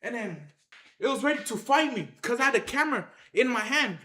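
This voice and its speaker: High, bright-voiced man rambling to chat. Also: fairly quick, reverberant, a little hiss or hum. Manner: animated, repetitive, addresses the chat directly. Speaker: livestreamer. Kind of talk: rambling livestream storytelling.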